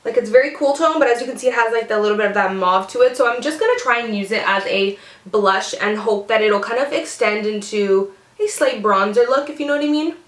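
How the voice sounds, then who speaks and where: A woman's voice: on the high side, a little fast, a bit bright, roomy sound. A young woman vlogger chatting casually while doing her makeup, bubbly and full of "like" and "seriously". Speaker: beauty vlogger. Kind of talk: casual get-ready chat.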